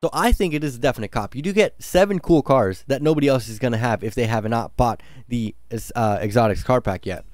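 A man giving excited, slangy gameplay commentary as a gaming YouTuber, calling out speeds as he drives. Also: medium pitch, a little fast, hardly any pauses, no room sound.

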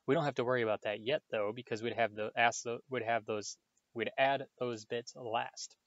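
A man's voice: mid-range voice, fairly even intonation, moderate pace, a bit bright, dry recording, highs cut off, natural voice. A man voicing an eager, nervous, bookish young schoolgirl witch who stammers a little.

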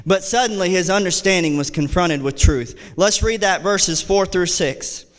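A man's voice: high voice, normal speed, big-room sound. A man preaching a fervent sermon as associate pastor, repeating key phrases and reading scripture aloud. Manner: reads scripture aloud in old-fashioned wording. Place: church sanctuary.

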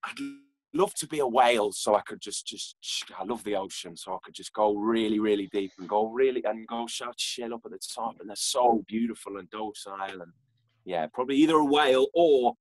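A man's voice: lowish voice, brisk, no room sound, low-quality recording. A young man, an actor, chatting as an interview guest and telling funny stories with frequent laughter. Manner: animated storyteller, laughs often. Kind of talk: casual interview chat.

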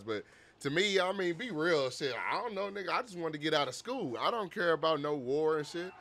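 Loud, bright man joking through a reaction. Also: a little high, animated, normal speed. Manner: profane, joking, laughs often, roasts characters. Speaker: reaction video host. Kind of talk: casual reaction commentary.

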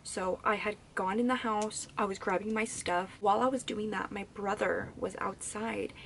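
A young woman vlogger casually telling stories to the camera, animated and swearing freely. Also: mid-range voice, moderate pace, vocal fry, a little hiss or hum. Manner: animated, swears freely while recounting scary events.

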